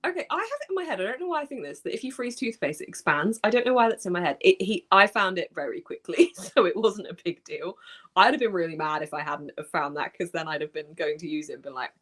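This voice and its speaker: A woman's voice: lowish voice, quick pace. A woman co-hosting a livestream, telling a funny story in casual chat and laughing often. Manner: lively anecdotes broken by frequent laughter. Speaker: livestream co-host.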